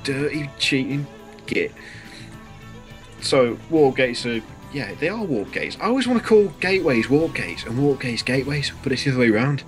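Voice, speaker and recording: A man's voice: mid-range voice, big pitch swings, moderate pace, soft background music. A man co-commentating an esports match, dropping dry, wry asides in casual banter.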